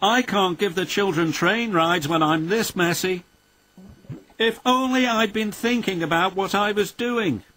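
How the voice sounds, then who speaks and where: A man voicing an eager, excitable young male tank engine in a storybook reading. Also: high-pitched, a little slow, a little hiss or hum, pitched above the performer's own voice. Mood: dismayed. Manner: bright, excited exclamations. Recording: music playing behind.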